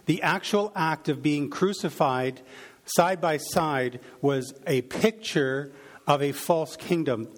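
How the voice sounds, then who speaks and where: Man preaching through a scripture passage. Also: a little high. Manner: reflective, with fillers and restarts. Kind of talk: sermon reading and teaching from scripture.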